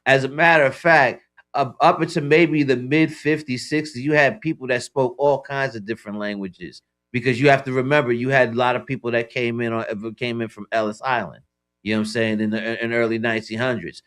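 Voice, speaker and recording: A man's voice: medium pitch, fairly even intonation, a little fast, a bit bright. Stammering man in casual radio debate. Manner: stammering restarts, repeats "you know what I'm saying". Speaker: radio show co-host.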